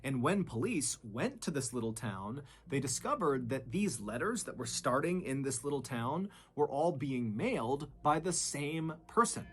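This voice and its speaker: A man narrating a true crime story with dramatic shifts in pitch and loudness. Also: very animated, a little slow, few pauses.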